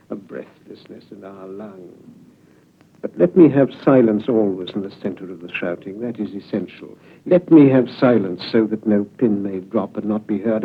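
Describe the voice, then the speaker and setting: Guy reciting his own poem, loud then dropping way down, sounds like a thin old radio broadcast. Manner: declamatory, swinging between booming lines and low trailing endings. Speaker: poet. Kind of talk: poetry recitation. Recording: tinny lo-fi archival radio recording.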